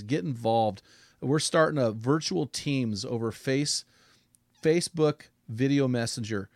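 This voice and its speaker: A man's voice: medium pitch, dry recording, clean studio sound. A middle-aged man hosting a men's podcast, speaking in an earnest, heartfelt, preacherly way. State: choked up. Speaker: podcast host. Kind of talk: casual men's podcast talk.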